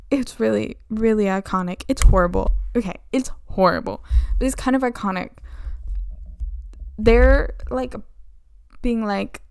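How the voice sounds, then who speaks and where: A woman's voice: a little high, a little slow, creaky, long pauses, darkish tone, clean tone, dry recording, clean studio sound. A young woman recapping a play's plot in a flippant, sarcastic, casual way. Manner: flippant, sarcastic, slipping into mock voices. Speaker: video essayist.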